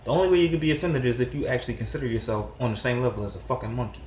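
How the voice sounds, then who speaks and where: A man's voice: medium pitch, racing, echoey room, slight background noise. A middle-aged man giving a heated, profane commentary rant that rises into disbelieving outbursts. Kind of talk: ranting commentary.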